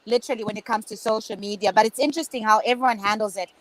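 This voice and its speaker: A woman's voice: mid-range voice, fairly even intonation, racing, poor audio. A woman moderating a virtual panel discussion over a video call, speaking in an encouraging, conversational way.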